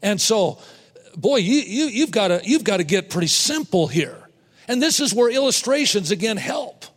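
A man preaching a sermon to fellow preachers, emphatic, repeating words and slowing down to stress points. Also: sits high, sing-song, long reverb tail. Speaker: preacher teaching other preachers.

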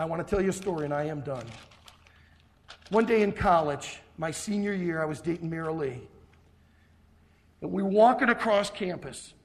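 A middle-aged man preaching a sermon in a camp meeting room, emphatic and repeating his points for stress, then dropping to a soft, hushed voice for a personal story. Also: high-pitched. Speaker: pastor.

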